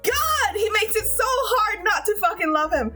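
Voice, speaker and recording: High-pitched woman streamer gushing to chat, lots of giggles and cussing, voice bouncing all over, faint music behind. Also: animated, moderate pace, pushed and bright, shouting. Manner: giggly and gushing, swears, many restarts. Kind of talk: casual chat with viewers.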